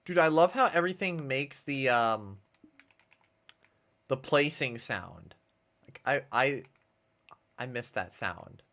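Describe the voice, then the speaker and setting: Chatty man with a lively pitch. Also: takes it slowly, pauses often. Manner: nostalgic, chatty, thinking aloud with restarts. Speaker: streamer. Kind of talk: casual gameplay commentary. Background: faint game music.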